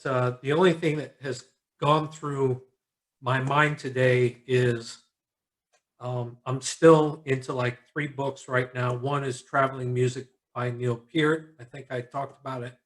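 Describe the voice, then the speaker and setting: A tired man hosting a casual video call chat, relaxed and encouraging, rambling a little. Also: medium pitch. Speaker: host.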